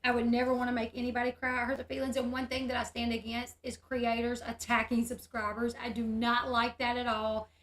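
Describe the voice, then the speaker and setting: A woman's voice: fairly high pitch, flat delivery, brisk, few pauses, fairly bright tone, roomy sound. A woman chatting candidly on a livestream, reading comments aloud as she does her hair. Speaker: YouTube host. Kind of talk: casual livestream chat. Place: room at home.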